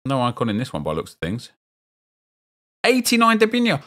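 A South London streamer opens packs in a football video game, rambling chattily and tossing jokes to his chat. His medium-pitched voice swings hugely in pitch, sounding a bit bright at a fairly quick pace.

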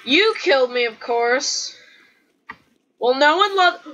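A woman giving excitable gameplay commentary, yelling and trash-talking her opponents. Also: high voice, takes it slowly, pauses often, a little hiss or hum, rough recording.

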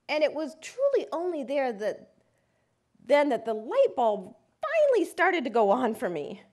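High, lively woman telling a story. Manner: vivid, dramatic storytelling. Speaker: civil rights lawyer and speaker. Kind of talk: storytelling lecture.

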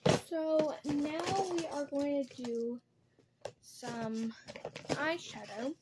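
A woman's voice: high voice, slow pace, very noisy. A young woman chatting casually as she does her makeup at home, rambling from one topic to the next. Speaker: vlogger. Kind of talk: casual get-ready-with-me chat.

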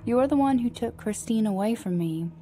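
A woman's voice: fairly high pitch, lively intonation, a little fast, warm tone, pitched above the performer's own voice, close to an everyday voice. A woman reading the part of a furious older man, a ruthless lord, with a harsh, scolding delivery.

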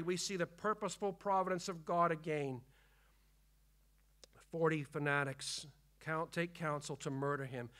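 A man preaching a sermon as pastor, emphatic and repetitive, dropping to hushed tones and rising again. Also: sits high. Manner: emphatic preaching, swinging between hushed and loud; repeats key phrases for emphasis. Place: church.

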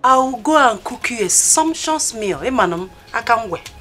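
An actress with a Nigerian accent playing a sister who coaxes and comforts a friend. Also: female voice, fairly high pitch, animated, normal speed, fairly bright tone. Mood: coaxing. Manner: coaxing and teasing. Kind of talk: Nollywood film acting. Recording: music playing under the dialogue.

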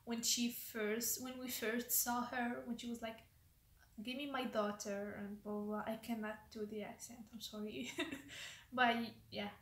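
A woman's voice: on the high side, little pitch movement, a little slow, fairly bright tone. A woman hosting a reaction video, rambling casually with lots of "like" and trailing off mid-sentence. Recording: roomy echo.

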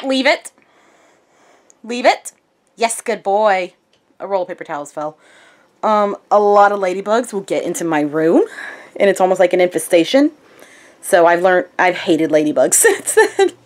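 A woman's voice: a little mellow, no room sound. A young woman in casual vlog chat, telling her day in a chatty, upbeat way. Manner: chatty and upbeat, high baby talk to her dog. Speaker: vlogger.

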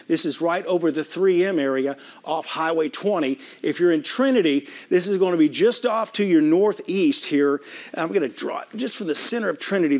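A TV meteorologist on air during a live severe weather broadcast, his voice pitched a little high. He speaks with steady urgency from the studio, walking viewers through the radar. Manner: urgent, rapid, working the radar while talking.

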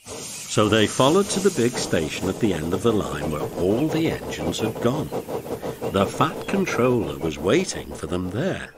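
A man narrating a children's train story in an expressive storybook style. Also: fairly low pitch, unhurried, noisy background. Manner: expressive, reads all the characters. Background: background music.

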